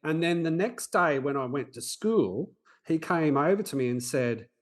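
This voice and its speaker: A man's voice: fairly high pitch, expressive, normal speed. A man, hosting a podcast and telling a personal story in an earnest, reflective way with frequent restarts. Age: 40s. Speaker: podcast host.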